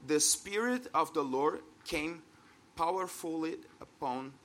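A man's voice: a little high, lively intonation, slow pace, fairly bright tone. Brazilian-accented man preaching a sermon. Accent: Brazilian Portuguese. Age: 30s. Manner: earnest, conversational, laughs at himself.

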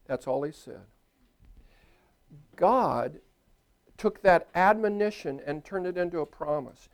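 A man's voice: high voice, expressive, slow. An older man preaching a sermon as a pastor in a church, chatty and playful, laughing at his own jokes.

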